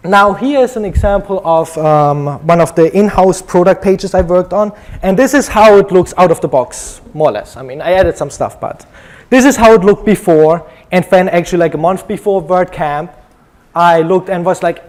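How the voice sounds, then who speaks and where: Man, german accent, high-pitched, conference speaker, joking, chatty, lots of ums. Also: normal speed, a little mellow. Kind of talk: conference talk.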